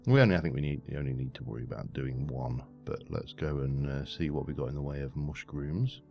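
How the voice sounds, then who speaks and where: A man's voice: very deep voice, brisk, muffled recording. A man giving rambling, muttering commentary while playing a game. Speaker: let's play host. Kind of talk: casual gameplay commentary. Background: faint background music.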